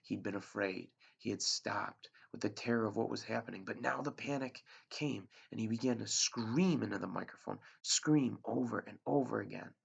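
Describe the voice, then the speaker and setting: A male teacher reading a novel aloud to his class with expressive narration. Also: on the low side, moderate pace, vocal fry, hardly any pauses, husky, highs cut off.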